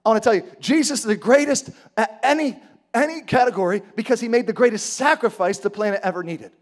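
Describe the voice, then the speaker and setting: Man, pastor, lively sermon, high voice, acts out voices, builds to emphatic peaks. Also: quick pace. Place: church.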